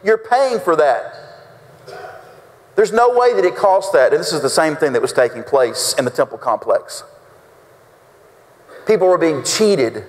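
A man's voice: fairly high pitch, expressive, unhurried, long pauses. A male pastor preaching a folksy sermon, acting out quotes with big swings in his voice. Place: church sanctuary. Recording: reverberant church sanctuary.

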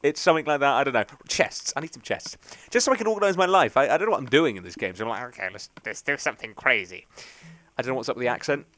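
A man's voice: medium pitch, lively intonation, racing, a bit bright, dry recording. A young man rambling chattily through let's play commentary, often poking fun at himself. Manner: rambling, chatty, self-mocking. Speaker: gaming channel host.

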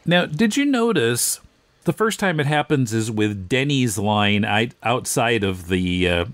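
A man co-hosts a casual podcast chat with a lively, rising-and-falling voice. He explains details conversationally, and the recording is close and dry. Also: medium pitch, unhurried, dry recording. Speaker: podcast co-host.

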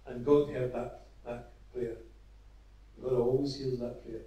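Earnest preacher with a dark, echoey voice. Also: male voice, mid-range voice, flat delivery. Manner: earnest, storytelling, with halting restarts. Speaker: evangelist preacher. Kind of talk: evangelistic sermon. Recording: echoey, from far off.

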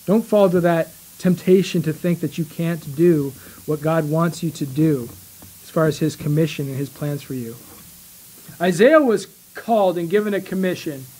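A man with a high, light voice delivers a sermon in a small church. He speaks earnestly, dropping into slow, deliberate phrasing with pauses to drive each point home. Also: mellow, husky, poor audio. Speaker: preacher.

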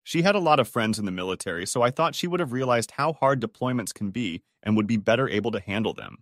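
A man reading online stories aloud as scripted narration, steady with sudden pitch jumps. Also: fast talker, dry recording, clean studio sound.

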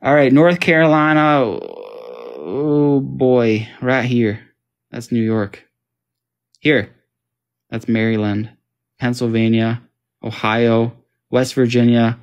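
A man's voice: flat delivery, slow, pauses often. Young Australian man thinking aloud. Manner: thinks aloud, frustrated, jumps to high exclamations. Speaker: vlogger playing a map quiz. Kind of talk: casual gaming commentary.

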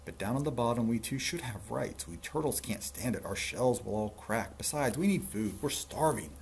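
A man's voice: mid-range voice, lively intonation, moderate pace, creaky, slight background noise. A man reading aloud as a plain little male turtle who politely pleads about his pain. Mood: pleading.

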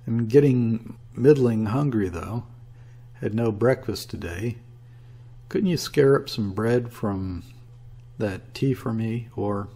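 A man performs a boisterous young sailor from an audiobook, a swaggering loudmouth, in a slow, exaggerated, jaunty voice. His tone is low, gravelly, and husky, and it grows loud and scornful whenever the character is crossed.

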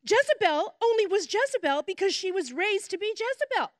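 A middle-aged woman, a pastor's wife, preaching a sermon with animated storytelling and chatty asides. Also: very high voice, brisk, no echo, clean studio sound.

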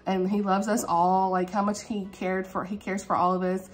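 A woman's voice: mid-range voice, flat delivery, normal speed. A woman talking casually to her camera at home in a reading vlog, heartfelt and chatty, calling listeners "y'all" and "honey". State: tearful, emotional. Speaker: book vlogger.

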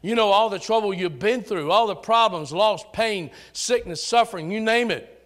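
A man's voice: high-pitched, normal speed. A man preaching a sermon in a church with a Southern American accent, rousing and calling out to the congregation. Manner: rousing preacher, rising to shouts on key lines. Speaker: pastor. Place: church sanctuary.

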